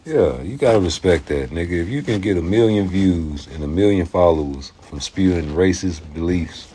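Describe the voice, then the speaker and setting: A man's voice: sits low, moderate pace, slight background noise. A man hosting his own channel, talking in a profane, streetwise casual rant. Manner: profane, streetwise, animated storytelling. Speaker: YouTube commentary host.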